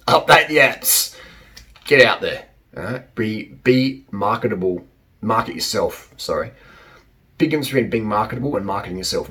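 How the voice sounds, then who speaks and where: A middle-aged man giving blunt dating advice in a casual monologue, joking and repeating his points. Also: mid-range voice.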